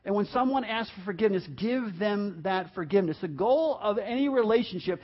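High-pitched male pastor, chatty sermon delivery, slightly muffled recording. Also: lively intonation, fairly quick. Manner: conversational, repeats words, acts out quoted people.

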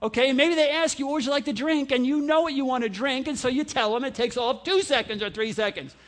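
A man's voice: extremely high pitch, fast, fairly bright tone. A middle-aged man, a pastor, telling a humorous sermon story with laughter and mimicked voices.

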